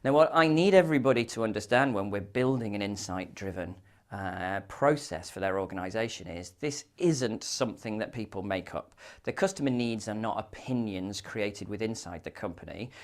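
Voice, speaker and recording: A man's voice: fairly low pitch, lively intonation, normal speed. A man giving a business talk, telling a joke and anecdotes in a wry, storytelling way. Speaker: business speaker.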